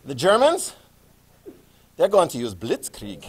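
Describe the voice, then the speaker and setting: A male history teacher lecturing a classroom in a playful, animated way, adding sound effects. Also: fairly high pitch, moderate pace, pauses often.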